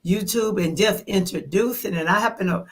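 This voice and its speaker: A woman in her fifties, a guest in an interview, telling her story in an animated way and acting out her own thoughts. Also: medium pitch, normal speed. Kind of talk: conversational interview.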